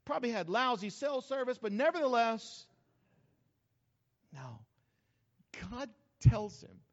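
High-voiced folksy pastor in echoing hall. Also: male voice, takes it slowly, pauses often. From New Mexico. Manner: folksy, humorous, animated storytelling. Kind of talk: sermon. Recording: reverberant hall, slightly dull sound.

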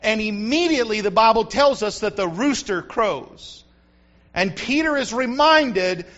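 A man preaching a sermon, telling the story with animated swings between loud and hushed delivery, on a dull lo-fi recording. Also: high-pitched.

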